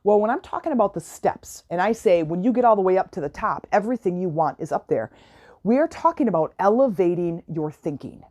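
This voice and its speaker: A woman hosts a self-help talk show in a casual coaching monologue. Her voice sits a little low and sounds warm and mellow. She talks earnestly, repeats her points for emphasis and keeps checking that the listener is with her. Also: lively intonation, brisk. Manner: chatty, checks in with the listener often. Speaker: self-help podcast host.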